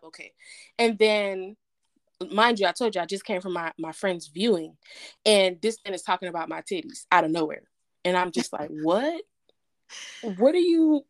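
Animated woman telling a story. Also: mid-range voice, dry recording, clean studio sound. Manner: animated storyteller, quotes others in dialogue. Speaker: podcast co-host. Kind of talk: casual chat, storytelling.

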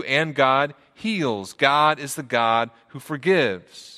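A man's voice: slow, few pauses, sharp tone, long reverb tail. A man preaching a sermon as pastor in a church, earnest, often repeating words as he builds a point. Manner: earnest, repeats words, rises in pitch for emphasis.

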